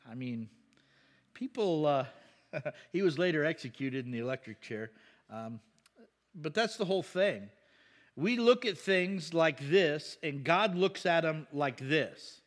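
Animated man preaching to a congregation. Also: a little high, unhurried. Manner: conversational preaching with questions to the congregation. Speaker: pastor. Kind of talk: sermon.

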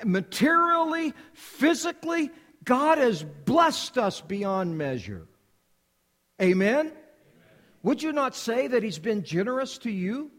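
A man's voice: very high voice, a bit bright, in a large hall. A man from the United States preaching a sermon as a missionary, with an emphatic, repetitive cadence.

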